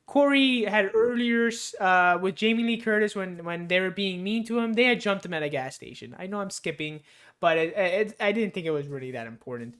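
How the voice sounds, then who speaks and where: Smooth-voiced, rambling casual movie reviewer. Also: medium pitch, animated, a little fast, a bit bright. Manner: rambling, loose and unscripted, with many fillers, restarts and swearing. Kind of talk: casual spoiler-filled film recap.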